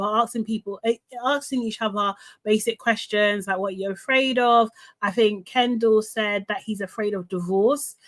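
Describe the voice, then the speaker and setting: A woman host chatting live to her viewers, animated and laughing often, with lots of fillers. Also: medium pitch. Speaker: host recapping a reality show. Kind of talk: live casual chat to viewers.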